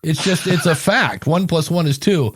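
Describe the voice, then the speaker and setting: A man's voice: fairly high pitch, expressive, moderate pace, breathy edge, no room sound. Chatty male podcast coach, dry mic. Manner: rambling storyteller, acts out quoted voices. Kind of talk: casual podcast chat with sponsor reads.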